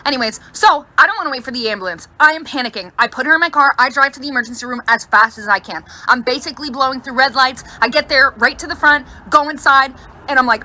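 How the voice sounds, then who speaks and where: A woman in her thirties, a mother telling casual stories about her family, animated and laughing as she goes. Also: high voice, fast. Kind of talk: casual storytime.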